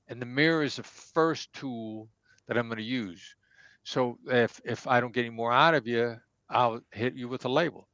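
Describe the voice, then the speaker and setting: A man's voice: medium pitch, a bit bright, dry recording, highs cut off. Emphatic man explaining negotiation tactics. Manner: emphatic, acts out example dialogue. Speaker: negotiation expert guest. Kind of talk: interview answers, teaching.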